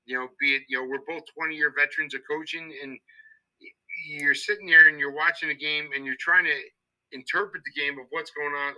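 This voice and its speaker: A man in his forties co-hosting a sports talk show, talking in an energetic, emphatic way. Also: on the high side, fairly quick, poor audio. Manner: energetic, emphatic, acts out quotes. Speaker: co-host and football coach.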